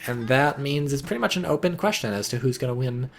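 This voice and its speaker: A man casting a strategy game match in casual commentary, excitable, sarcastic and swearing freely. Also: medium pitch, quick pace, creaky, a little hiss or hum. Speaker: game caster.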